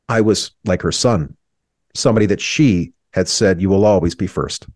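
A man's voice: low-pitched, moderate pace, darkish tone, dry recording, studio quality. A man in his thirties, an interview guest, telling a painful personal story in an earnest, reflective way, his voice sometimes breaking with emotion.

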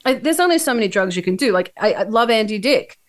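A woman's voice: medium pitch, lively intonation, quick pace. Frank, chatty woman co-host, casual swearing, mid-range voice. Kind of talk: casual chat.

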